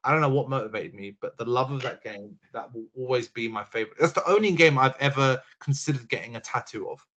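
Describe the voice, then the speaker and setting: A young man co-hosting a casual gaming podcast, animated and rambling, with the odd swear. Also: mid-range voice, fast, dull audio. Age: young adult. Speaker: podcast co-host. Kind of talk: casual chat.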